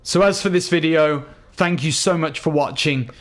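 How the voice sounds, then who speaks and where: A man's voice: a little high, moderate pace. An English man, a gaming video host, talking to his viewers in a chatty, earnest, rambling way as he closes his video. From England. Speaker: gaming YouTuber. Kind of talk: casual outro to viewers.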